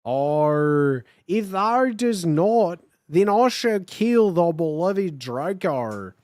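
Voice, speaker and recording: A woman's voice: fairly low pitch, expressive, drawn-out words, darkish tone, no room sound. A woman voicing an evil noseless male wizard villain in a put-on Australian accent, speaking mock-archaic lines in an exaggerated, theatrical way. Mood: threatening.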